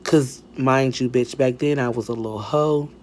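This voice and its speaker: A man telling a personal story in a sassy, animated storytime style, swinging between high exclamations and low asides. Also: moderate pace, a little hiss or hum. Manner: sassy, animated, lots of swearing and pitch swings. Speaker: storytime vlogger. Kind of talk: casual storytime.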